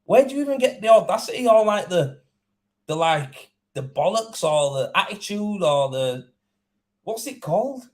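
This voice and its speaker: Sweary plasterer ranting on a livestream. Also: male voice, high-pitched, sing-song, normal speed, a little mellow. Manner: swearing, rambling, indignant. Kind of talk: casual live-stream chat.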